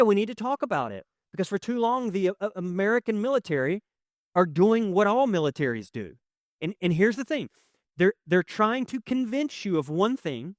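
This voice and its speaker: A man in his forties preaching a sermon, telling a personal story in an animated, conversational way with self-deprecating humor. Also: a little high, no room sound, clean studio sound. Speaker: pastor.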